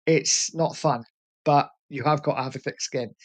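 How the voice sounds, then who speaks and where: A man's voice: a little high, fairly even intonation, normal speed. A man in his forties from England, hosting a fan channel and talking candidly and earnestly to his viewers, often repeating "listen". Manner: earnest, heartfelt and repetitive, often saying "listen". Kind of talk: candid vlog talk.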